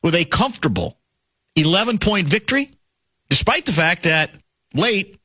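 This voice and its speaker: A middle-aged man hosts a sports talk show with a high, bright, ringing voice. His delivery is animated and swoops up and down as he tells stories and needles his co-host. The sound is dry and close. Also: moderate pace, no echo. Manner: chatty, teasing, animated storytelling.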